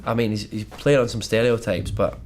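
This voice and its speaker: A man's voice: fairly low pitch, steady tone, a little fast, a little hiss or hum. A Scottish man reacting to film clips in a casual chat, joking, swearing and rambling. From Scotland. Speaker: guest reviewer.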